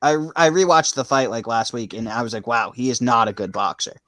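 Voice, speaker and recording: A man's voice: mid-range voice, animated, brisk, sharp tone. Blunt, opinionated man in casual banter. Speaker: podcast co-host. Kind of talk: casual sports chat with friends.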